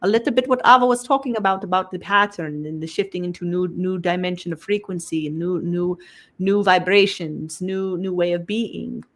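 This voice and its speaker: Woman channeling, tagging nearly every phrase. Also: on the low side. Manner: ends nearly every phrase with a tag question; halting, repeats words as she searches for them. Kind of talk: channeled spiritual talk.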